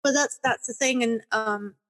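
A woman's voice: a little high, normal speed, fairly bright tone. A middle-aged woman, a podcast guest, chatting in an interview, telling stories with many restarts and rambling sentences. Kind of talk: conversational interview.

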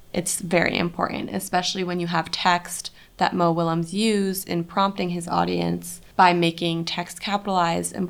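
A young woman hosting a podcast for parents in a recording studio, explaining read-aloud tips in an animated way. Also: on the low side, creaky. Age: young adult. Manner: animated, bursts into dramatic read-aloud voices. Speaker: podcast host. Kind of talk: instructive podcast talk for parents.

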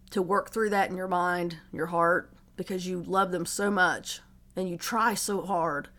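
A middle-aged woman, a mother, telling an emotional personal story in an earnest, reflective way. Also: medium pitch.

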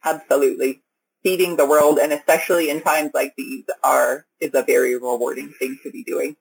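A woman's voice: extremely low pitch, flat delivery, fairly quick, creaky, slightly rough. A woman hosting a podcast, chatting casually and speaking straight to her listeners in an upbeat way. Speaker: podcast host. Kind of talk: casual podcast interview and sign-off.

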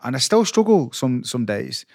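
A young male host chats casually, peppering his speech with "like" fillers. His mid-pitched voice is recorded dry and close, with no room sound. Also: sing-song, normal speed, dry recording. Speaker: podcast host. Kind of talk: conversational interview.

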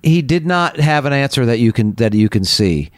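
A man's voice: medium pitch, lively intonation. A man in casual podcast conversation who stops and restarts his sentences as he thinks aloud. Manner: halting, restarts a lot while thinking aloud.

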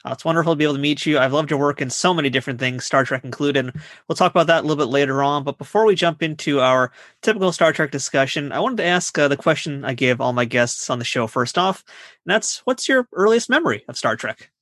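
A man's voice: a little high, animated, fast, fairly bright tone, no echo, clean studio sound. A man hosting a podcast interview, with eager, upbeat promotional patter. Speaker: podcast host.

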